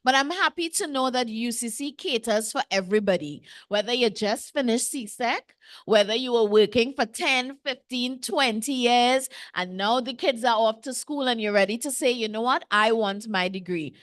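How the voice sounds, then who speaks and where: A woman's voice: fairly high pitch, moderate pace, no echo, clean studio sound. A woman hosting a live call-in show, chatty and teasing the callers as she takes their questions. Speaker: show host.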